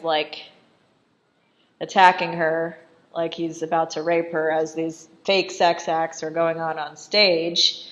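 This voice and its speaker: A woman's voice: fairly low pitch, highs cut off. Giggly chatty woman recapping a film. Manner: chatty, giggly, acts out quotes in quick voices. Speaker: film commentator. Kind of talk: casual film commentary.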